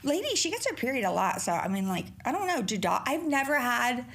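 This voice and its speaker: A woman's voice: fairly high pitch, big pitch swings, a little fast, creaky, fairly bright tone. A middle-aged woman hosting a podcast alone, chatting casually in a rambling, profane way. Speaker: podcast host. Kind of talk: casual solo podcast chat.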